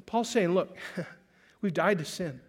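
A man preaching a sermon as pastor, earnest, with frequent restarts and slow, drawn-out emphasis. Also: sits high.

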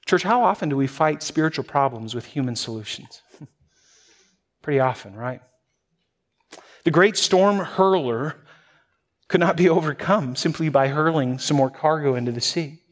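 A male pastor preaching in a loose, conversational style, with a voice sitting a bit higher than most men's. He restarts phrases often and slips small chuckles in as he talks to his congregation. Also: measured pace, long pauses. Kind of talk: sermon.

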